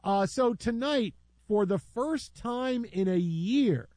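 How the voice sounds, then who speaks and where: A man hosting a casual sports talk show, joking and riffing between highlights. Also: animated, darkish tone, dry recording. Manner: joking, riffing, quick asides.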